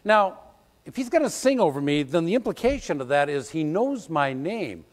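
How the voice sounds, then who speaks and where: An older man, a pastor, preaching a sermon, telling stories and breaking into loud snippets of old songs. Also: a little high, a little fast. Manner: storytelling, animated, bursts into loud sung song snippets. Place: church sanctuary. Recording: long church hall reverb.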